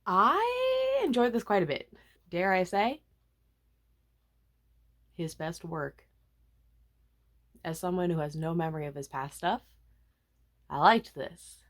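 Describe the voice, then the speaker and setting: A young woman vlogger chatting casually about music releases, animated and self-mocking, with frequent asides. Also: on the low side, takes it slowly, long pauses. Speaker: K-pop vlogger. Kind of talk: casual chatty album review.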